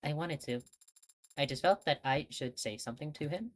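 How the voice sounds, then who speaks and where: A woman's voice: sits low, normal speed. A woman voicing a polite, earnest female android investigator with a slightly formal way of speaking, reading game dialogue. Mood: hesitant. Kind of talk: game dialogue read aloud.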